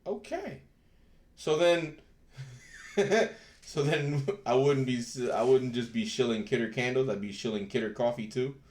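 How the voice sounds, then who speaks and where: A man's voice: medium pitch, a little slow, darkish tone. A man hosting a live stream, chatting casually with viewers. He swears freely and laughs often. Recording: roomy echo.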